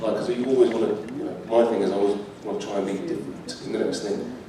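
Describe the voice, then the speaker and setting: A man's voice: fairly low pitch, steady tone, very fast, a crowd in the background. A British man, an actor answering fan questions at a convention panel, chatty and laughing often. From United Kingdom. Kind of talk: live panel Q&A. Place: large convention hall. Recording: echoey hall, mic from far.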